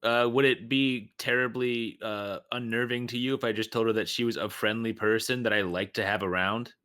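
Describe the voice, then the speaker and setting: Gruff, bright-toned man playing a tabletop game. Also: medium pitch, fairly even intonation, normal speed. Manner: gruff, swearing, blunt. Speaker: player.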